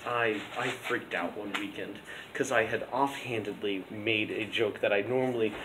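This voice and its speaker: Loud background noise and echo fill this classroom recording of a male teacher speaking casually to his students. His voice sits on the low side at a moderate pace, and he rambles with many ums and restarts.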